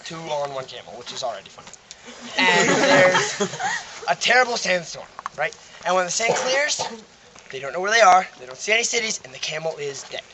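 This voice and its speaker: A man's voice: high-pitched, sing-song, brisk, over a noisy crowd. A man telling a long joke casually, chatty and checking in with his listeners. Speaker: joke teller. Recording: noisy amateur recording with clicks.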